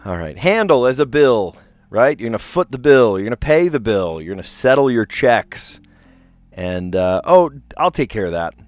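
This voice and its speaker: A man streaming himself solving word puzzles, chatting casually and thinking out loud as he reads clues. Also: medium pitch, dry recording. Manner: chatty, rambling, reads clues aloud and muses over answers. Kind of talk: casual live-stream commentary, thinking aloud.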